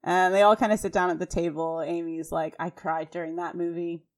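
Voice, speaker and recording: A woman co-hosting a podcast, chatting casually and reading scene quotes aloud quickly in an animated way. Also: on the low side. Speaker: podcast co-host. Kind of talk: casual recap chat.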